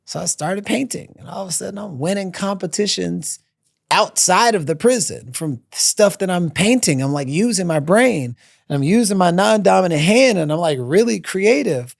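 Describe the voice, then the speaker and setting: A man telling a personal story as a podcast guest, animated and repeating phrases for emphasis. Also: sits high, moderate pace, gravelly, no echo, clean studio sound. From United States.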